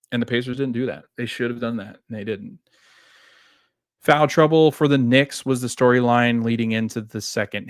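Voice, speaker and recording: A man's voice: mid-range voice, dry recording, studio quality. A man hosting a sports fan show, talking casually and rambling through a game recap with many restarts. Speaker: podcast host.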